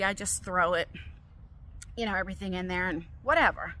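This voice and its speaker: A middle-aged woman telling a personal story while walking outdoors, chatty and animated, acting out what others said. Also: medium pitch, moderate pace. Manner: chatty, animated, quotes people in raised voices. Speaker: vlogger. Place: outdoors on a walk. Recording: faint outdoor background noise.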